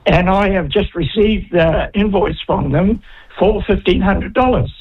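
An older man calling a talkback show, complaining in a calm, measured way over a dull phone line. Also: high voice, breathy edge. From New Zealand. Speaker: caller. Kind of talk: talkback call.

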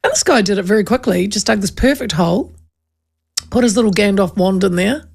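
A middle-aged New Zealand woman hosting a radio show, chatting and spinning a story with frequent laughter. Her mid-range voice carries a gravelly, creaky edge. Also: mid-range voice, a little fast, darkish tone. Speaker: radio host. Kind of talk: casual chat.

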